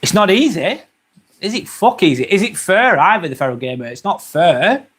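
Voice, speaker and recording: A man's voice: high voice, very animated, normal speed, a bit bright, slightly rough. A man, hosting a live stream and chatting casually through viewer comments, earnest and hesitant, with many ums and apologies. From England. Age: 40s.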